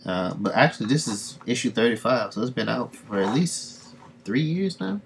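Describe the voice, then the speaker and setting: A man's voice: mid-range voice, lively intonation, moderate pace, vocal fry, a little hiss or hum. A man streaming live, reading comics and casually recapping the story in a loose, rambling way. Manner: rambling, loose summarizing with fillers.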